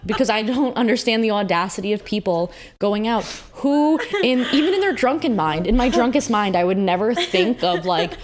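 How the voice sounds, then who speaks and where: A young woman co-hosting a podcast, telling stories in animated, casual chat and swearing freely. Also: mid-range voice, normal speed, few pauses. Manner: animated storytelling, frequent swearing. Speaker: podcast co-host.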